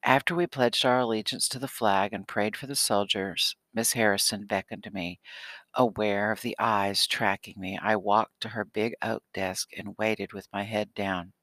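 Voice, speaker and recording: An audiobook narrator reads a children's novel in a scripted, steady, expressive way at a moderate pace. His low voice still sounds bright and forceful. The recording is close and dry, with no echo or room sound.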